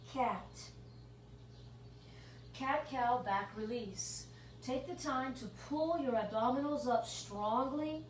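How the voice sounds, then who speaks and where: A woman pilates instructor guiding a workout class and counting out the moves in a steady rhythm. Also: high-pitched. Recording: echoey room, mic at a distance, faint hum.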